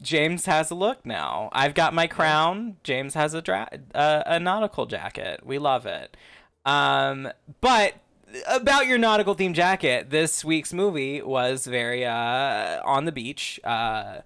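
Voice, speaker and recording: A man's voice: on the high side, expressive, slow pace, creaky, a bit bright, smooth. A man hosting a podcast, trading laughing, teasing banter with his co-host. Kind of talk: casual chat.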